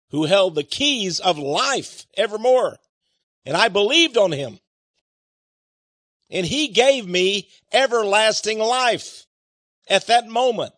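A man's voice: sits high, fairly bright tone, husky, no room sound, studio quality. A man preaching and commenting on Bible verses, with emphatic rhetorical questions. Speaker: Bible teacher. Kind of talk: sermon-style Bible reading and commentary.

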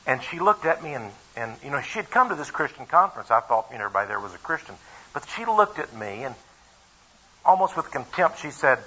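A man's voice: mid-range voice, sing-song, fast talker, bright, forceful tone, breathy edge. A man preaching a sermon before a live congregation, reading scripture and telling a personal story, emphatic and fond of rhetorical questions and repeated phrases. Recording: dull lo-fi recording.

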